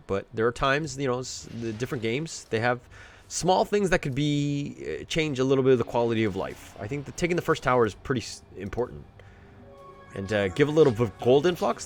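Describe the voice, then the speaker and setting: A man giving casual replay commentary on a video game match, chatty with joking asides and rising excitement during fights. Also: medium pitch. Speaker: game analyst.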